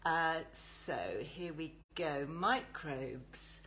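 A chatty English woman hosts a live stream, greeting her viewers with upbeat enthusiasm. Her voice sits a little low for a woman. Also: fairly even intonation, very slow, a bit bright, slight background noise, rough recording. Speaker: host.

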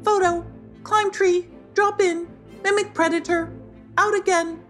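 A cheeky macaw taunts in a piercing high squawk, as a woman puts him on for a storybook. He snaps out short repeated phrases in a very parrot-like voice. Faint music plays underneath. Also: steady tone, a little slow, a bit bright. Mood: saucy. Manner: squawky, clipped repeated words.

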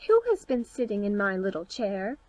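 A woman voicing seven little dwarf men in a storybook reading, speaking in high, excited exclamations. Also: normal speed, no echo, natural voice, poor audio. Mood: puzzled.

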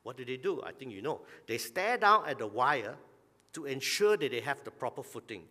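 A male pastor giving a conversational sermon in a church, putting rhetorical questions to the congregation and often clearing his throat. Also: medium pitch, very animated, normal speed, bright, forceful tone. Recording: long church-hall reverb.

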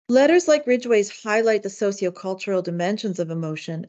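Measured woman giving a seminar paper. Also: on the low side, a little mellow. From Canada. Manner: measured, with frequent fillers and restarts. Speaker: academic speaker. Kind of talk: seminar lecture reading a paper.

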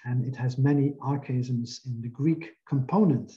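This mid-range, mellow male voice belongs to a linguistics professor explaining an academic lecture slide by slide at normal speed. The sound quality is lo-fi.

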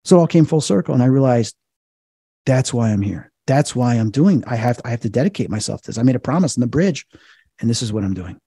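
A middle-aged man, a psychic medium, telling animated stories in an interview and acting out the quoted voices. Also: medium pitch, quick pace, breathy edge, no room sound, clean studio sound. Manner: acts out quoted voices, excited.

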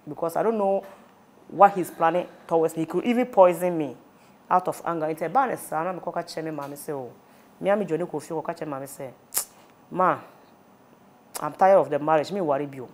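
Deep and darkish in tone, a Ghanaian woman's voice relates a personal ordeal with real earnestness. Appearing as a guest, she gives her testimony in a rapid mix of Twi and English.

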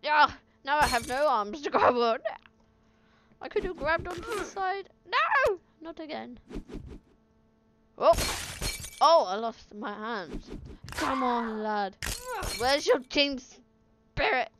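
A woman with a high voice that leaps around wildly calls out her let's play commentary, excitable and chattering at the game. She talks slowly between bursts. Game sound effects and clear noise sit behind her. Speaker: gaming video host. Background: video game sound effects.

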